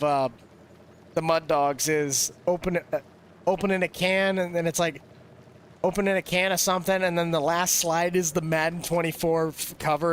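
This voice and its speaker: A man's voice: on the high side, fairly bright tone, a little hiss or hum. A young man rambling and joking casually while live-streaming a farming game. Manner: rambling, jokey, laughs often. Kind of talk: casual gameplay chatter.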